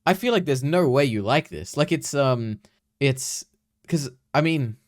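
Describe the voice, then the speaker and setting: A man's voice: medium pitch, expressive, unhurried, no echo, clean studio sound. A man co-hosting a casual movie chat, talking hesitantly with lots of fillers and trailing hedges. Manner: hesitant, many fillers and restarts. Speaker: podcast co-host.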